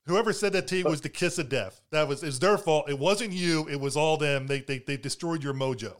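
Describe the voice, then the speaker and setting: Jokey guy hosting an interview, a bit high-voiced, teasing his guest. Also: a little fast. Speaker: interviewer host. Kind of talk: casual interview chat.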